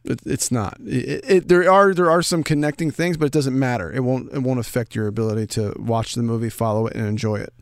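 Guy co-hosting a chat show, talks real fast, gets excited, repeats words, dry close sound. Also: medium pitch, no room sound. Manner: quick, enthusiastic, repeats himself. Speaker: co-host reading listener mail. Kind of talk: casual chat.

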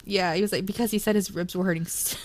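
A woman's voice: mid-range voice, fairly even intonation, quick pace, no echo. A woman co-hosting a book podcast in casual chat, laughing often and reading quotes aloud. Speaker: podcast co-host.

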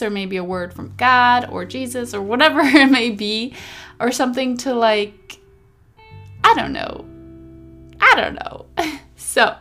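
A young woman hosts her own podcast from a chair indoors, speaking into a close mic. Her voice sits a little high, and she talks in a chatty, rambling, animated way, with faint music underneath. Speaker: podcast host. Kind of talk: casual solo podcast talk.

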